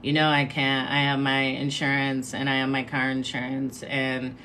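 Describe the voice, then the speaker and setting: Woman impersonating a monotone friend, deep flat voice, subdued, listing worries. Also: moderate pace, a little hiss or hum. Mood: worried. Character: monotone young woman friend, anxious about money.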